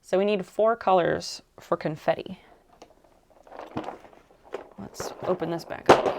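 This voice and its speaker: A woman's voice: fairly low pitch, fairly even intonation, takes it slowly, creaky, very noisy. A woman streaming live while she crafts, musing aloud as she works and answering her viewers' chat in a casual way.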